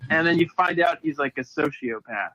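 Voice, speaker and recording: A man with a slightly high voice telling a comic bit, voicing flat deadpan lines for his characters. Music runs clearly underneath. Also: fairly quick, dull audio. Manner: storytelling, acts out deadpan quotes. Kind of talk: casual comedy chat.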